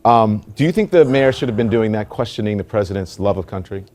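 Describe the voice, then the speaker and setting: A man interviewing a guest on a television news program in a measured, questioning way. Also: fairly low pitch, lively intonation, darkish tone.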